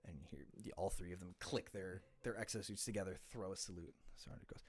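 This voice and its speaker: Low-voiced man running a tabletop game. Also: fast talker. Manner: loose, meandering narration with fillers and self-corrections. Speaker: game master.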